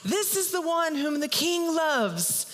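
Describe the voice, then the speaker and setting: A woman's voice: a little high, expressive, normal speed, fairly bright tone, long reverb tail. A woman voicing a boastful, hot-headed male royal official who brags and sulks. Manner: bragging, whiny, huffy.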